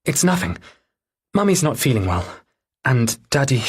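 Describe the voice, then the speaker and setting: A man's voice: mid-range voice, sing-song, measured pace, slightly rough, pitched above the performer's own voice. A man voicing a strained, anxious young wife in an audiobook, pleading and tense. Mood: evasive. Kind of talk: audiobook dialogue.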